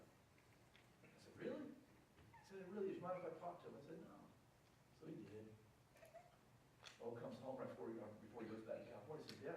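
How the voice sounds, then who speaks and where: A middle-aged man, telling a heartfelt story as a keynote speaker in a halting, repeating way. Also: a little high, darkish tone, slight background noise. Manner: earnest, halting, repeats himself. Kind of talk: emotional storytelling talk. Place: church sanctuary. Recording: echoey church from far off.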